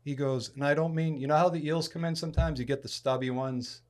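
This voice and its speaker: A man's voice: fairly high pitch, fast. A middle-aged man from Massachusetts telling a casual story as a podcast guest, acting out the people he quotes. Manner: animated storyteller who acts out quoted people.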